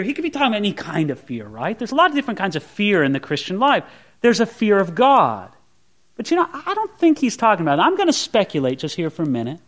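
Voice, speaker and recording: A male pastor delivering a sermon in a high voice that leaps all over the scale. He moves between quiet, drawn-out emphasis and sudden loud cries. He acts out the inner voice of a repentant believer as he preaches. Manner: swings from hushed, slow emphasis to loud, high outbursts.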